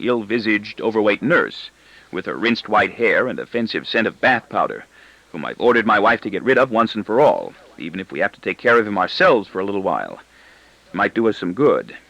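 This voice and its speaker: A male audiobook narrator with a wry, ironic first-person delivery. His pitch swings widely, his tone is bright, and the recording is dry and close. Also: sing-song, brisk, creaky, no echo, low-quality recording.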